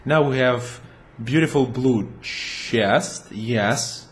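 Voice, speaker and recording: A man's voice: mid-range voice, extremely slow. A man giving casual, playful commentary while playing a video game, chatting and making goofy sound effects. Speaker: gameplay commentator. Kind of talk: casual let's-play commentary.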